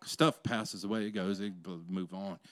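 A male pastor preaching a conversational sermon that swells into loud, passionate peaks. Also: sits low, fairly even intonation, moderate pace, dry recording.

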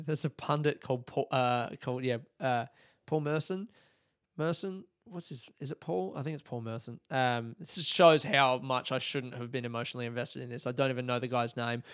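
Through clean, dry studio sound, an Australian man in his thirties speaks in a clean-toned, mid-range voice. He's a comedian hosting his own podcast, telling a self-deprecating, foul-mouthed story in a casual, animated monologue.

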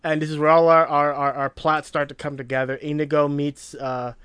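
A man co-hosting a casual chat, talking animatedly and sometimes acting out quotes loudly. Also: on the high side, brisk, clear, resonant tone, dry recording, clean studio sound. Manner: animated, acts out quotes in a loud voice. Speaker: podcast co-host. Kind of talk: casual film discussion.

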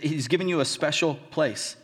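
A college pastor preaches a sermon, retelling scripture in an animated, conversational way with casual asides. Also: male voice, fairly high pitch, moderate pace. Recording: long reverb of a large hall.

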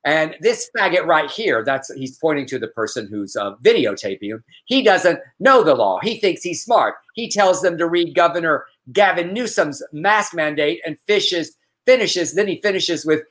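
A slightly high-voiced man talks through the week's stories in a loose, chatty way. He sounds exasperated and drops profane asides as he goes. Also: sing-song, moderate pace, fairly bright tone. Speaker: podcast co-host. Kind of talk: casual news commentary.

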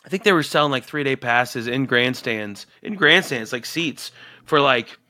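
A man co-hosting a podcast in casual chat, excitable and profane, rambling with lots of fillers. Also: medium pitch, normal speed, no echo. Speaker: podcast co-host.

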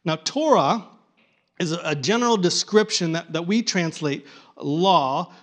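A man teaching a Bible study class to a live group, animated, often repeating and restarting his words and coaxing the group to join in. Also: fairly high pitch, measured pace.

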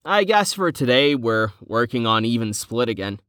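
A man's voice: medium pitch, very animated, moderate pace, fairly bright tone, no echo, studio quality. A man narrating an audiobook voices a tired, practical young man who leads a company, speaking in a weary, wry way.

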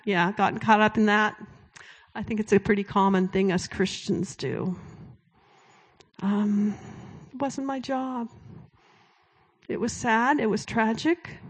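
Woman preaching a personal testimony. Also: on the high side. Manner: storytelling, drops to a hushed whisper when quoting God. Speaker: speaker at a Christian event. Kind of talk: sermon-style testimony.

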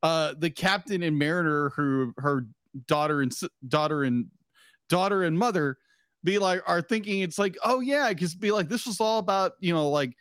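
A man's voice: fairly high pitch, normal speed, a bit bright, clear, resonant tone, no echo, clean studio sound. A man co-hosting a casual podcast chat, rambling, stumbling over his words and laughing often. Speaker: podcast co-host.

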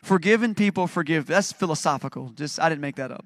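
A man's voice: fairly high pitch, quick pace, no room sound, studio quality. A man preaching a sermon as pastor, conversational and emphatic, acting out scripture with dramatic readings.

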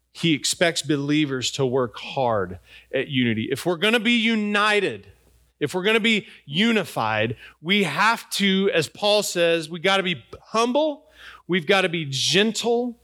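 A man's voice: on the high side, big pitch swings, unhurried, pushed and bright. A middle-aged man preaching a sermon in a conversational way, asking his congregation questions. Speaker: pastor.

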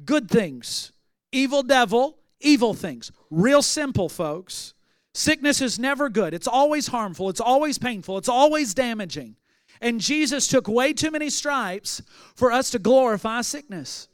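High-pitched with lively intonation and a normal speed, a male preacher tells stories during his sermon, acting out the people involved and rising to emphatic outbursts. The sound is studio quality with no room sound.

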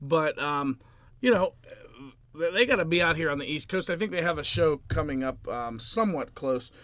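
A man's voice: fairly high pitch, moderate pace, dry recording. A man hosting a podcast, hyping the intro and then chatting casually with his co-host. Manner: energetic announcer-style intro, then relaxed.

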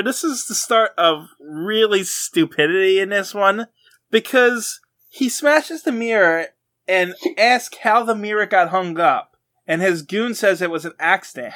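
Lively wry man recapping a cartoon. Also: high-pitched, normal speed. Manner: wry, exasperated storytelling with restarts. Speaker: podcast co-host. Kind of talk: casual chat recapping a cartoon.

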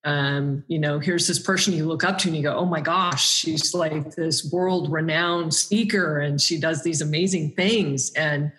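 A woman's voice: deep voice, steady tone, a little slow, few pauses, a bit bright, a little hiss or hum. A woman guest on an interview podcast, talking earnestly and reflectively about her own experiences.

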